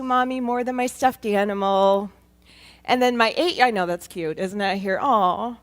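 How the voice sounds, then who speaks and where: Expressive woman telling stories on stage. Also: medium pitch. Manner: expressive, animated storyteller with emphatic pauses. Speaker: motivational speaker. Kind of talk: storytelling talk to an audience.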